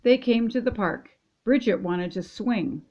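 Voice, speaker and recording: An older woman, a grandmother reading a children's picture book aloud in gentle, steady storytelling. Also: mid-range voice, measured pace, dull audio. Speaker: storybook reader.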